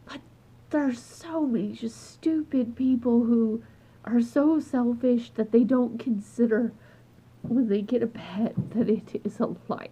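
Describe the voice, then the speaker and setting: A woman's voice: a little high, slow pace, dark tone, a little hiss or hum. A woman speaking in an emotional personal vlog, crying and upset, trailing off and restarting as she talks at home. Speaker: vlogger. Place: at home with her dog. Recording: dull lo-fi home recording.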